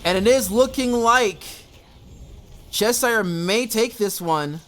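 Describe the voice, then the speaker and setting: A man casting a strategy game match, excitable, often laughing and yelling advice at the players. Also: sits high, slow pace. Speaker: game caster. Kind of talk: esports match commentary.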